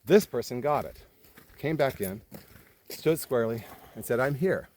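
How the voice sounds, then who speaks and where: Animated man telling a story. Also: medium pitch, slight background noise. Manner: animated retelling, swears freely, quick jumps in loudness. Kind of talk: storytelling in casual conversation.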